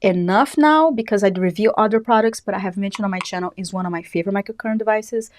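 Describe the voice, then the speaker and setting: A woman's voice: medium pitch, quick pace. A woman with a Brazilian accent hosting a live beauty product review, chatty and enthusiastic. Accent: Brazilian Portuguese. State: a little out of breath. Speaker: beauty channel host.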